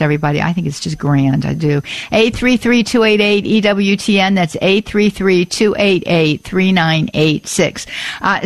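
A woman's voice: fairly low pitch, no room sound. Chatty woman hosting call-in radio. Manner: chatty and animated, spells out words and repeats phone numbers. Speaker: radio call-in show host. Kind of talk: live call-in radio talk.

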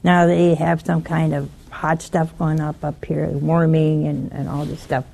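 A woman's voice: low-pitched, flat delivery, measured pace, creaky, dark tone, a little hiss or hum. A woman giving an earnest, urgent warning to listeners and telling a story in plain, direct words.

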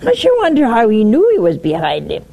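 A woman's voice: mid-range voice, a little fast, gravelly, a little hiss or hum. A woman preaching a broadcast sermon, telling stories with wry humor, teasing her listeners and dropping to a whisper to stress a point. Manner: animated storytelling, dropping to a whisper for emphasis.

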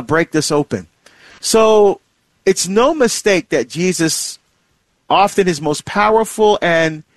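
A man with a slightly higher voice hosts a show and walks through a Bible passage in an easy, chatty way. He restarts sentences and uses plenty of fillers. The recording is dry and close. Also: no room sound. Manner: conversational, many fillers and restarts. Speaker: radio show host. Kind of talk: casual Bible teaching talk.

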